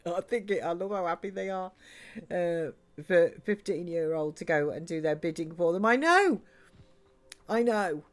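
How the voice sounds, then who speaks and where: A woman's voice: on the low side, fairly even intonation, normal speed, a little mellow. A woman chatting and giggling while livestreaming a video game. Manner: chatty, giggly, reads chat aloud. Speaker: game streamer. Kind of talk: live let's-play chat.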